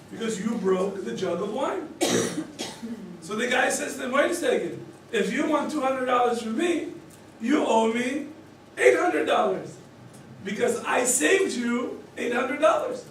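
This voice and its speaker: Speaking a little slowly in a very high-pitched voice, a rabbi teaches a group through story cases. He animatedly acts out what the characters say and chuckles as he quizzes his listeners. A little hiss or hum is present, and his voice comes from far off in a very echoey room.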